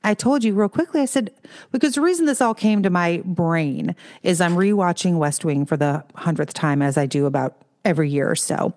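A woman co-hosting a casual chat over a remote call, talking in an animated, storytelling way. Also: fairly low pitch, a little fast. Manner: chatty, animated storytelling with put-on quote voices.

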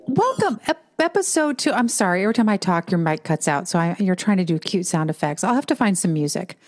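A woman's voice: lowish voice, fast. Middle-aged woman, podcast co-host, casual chat, exasperated storytelling.

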